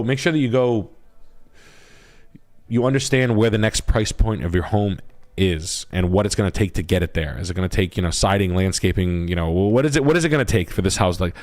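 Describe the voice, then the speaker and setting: A man hosting a live stream, rambling in crude, joking talk that comes out in quick bursts. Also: on the low side. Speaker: livestream host, realtor.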